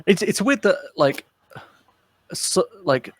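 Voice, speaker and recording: A man's voice: high voice, big pitch swings, takes it slowly. A British man co-hosting a comedy podcast, chatting casually with a lot of ums and restarts. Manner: chatty, hesitant with many fillers. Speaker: podcast co-host. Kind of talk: casual chat.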